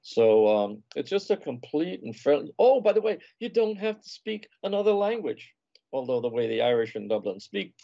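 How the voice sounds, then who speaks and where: A man's voice: fairly high pitch, very animated, normal speed, gravelly, warm tone, dry recording, muffled recording. A man guest on an interview show, a food and travel writer telling leisurely, anecdotal stories in casual conversation.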